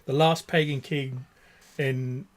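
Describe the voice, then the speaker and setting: A man in his forties from Australia with a light, posh Australian accent, chatting casually over drinks as host, halting with many restarts. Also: medium pitch, fairly even intonation, slight background noise. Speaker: vlog host.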